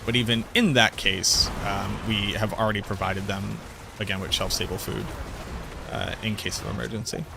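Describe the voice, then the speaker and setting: A man's voice: fairly low pitch, steady tone, moderate pace, creaky, noisy background. A man streaming a game, chatting casually in a rambling, talkative way and correcting himself mid-sentence. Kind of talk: casual chat while gaming.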